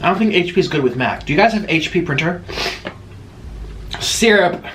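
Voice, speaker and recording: A man hosting an eating video at home, chatting casually and rambling between bites. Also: rapid-fire. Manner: chatty, rambling, animated swings in pitch. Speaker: mukbang host. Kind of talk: casual chat while eating. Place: room at home. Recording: echoey room with faint background noise.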